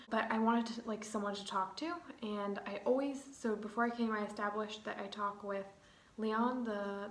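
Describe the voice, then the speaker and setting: A woman's voice: fairly high pitch, echoey room, poor audio. A young woman in her twenties, chatting casually as a vlogger, rambling with lots of "like.". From United States. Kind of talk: casual chat.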